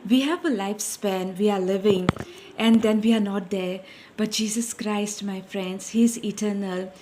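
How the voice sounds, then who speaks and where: A woman's voice: medium pitch, normal speed, dark tone. A woman giving an informal devotional message, earnest and repetitive, often calling listeners her dear friends and correcting herself as she goes. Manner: self-correcting, searching for words. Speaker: Christian speaker.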